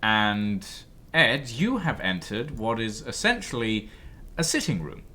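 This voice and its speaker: A man's voice: lowish voice, very animated, a little slow, bright, forceful tone. A man running a tabletop game as game master, narrating scenes hesitantly with many fillers.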